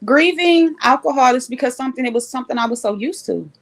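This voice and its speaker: A woman hosting a casual live stream, telling a story in an animated, emphatic way. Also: sits high, fast. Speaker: livestream host sharing recovery story.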